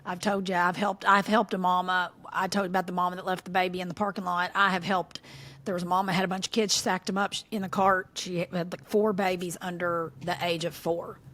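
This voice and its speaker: A middle-aged woman, co-hosting a casual podcast chat, telling animated stories and laughing often. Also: fairly low pitch, fast. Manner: animated storyteller, laughs often, folksy southern phrasing. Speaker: podcast co-host.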